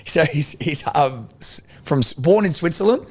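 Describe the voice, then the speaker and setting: A man's voice: a little high, animated, moderate pace, husky. Laid-back Australian guy on a footy podcast. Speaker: podcast guest. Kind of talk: casual sports chat.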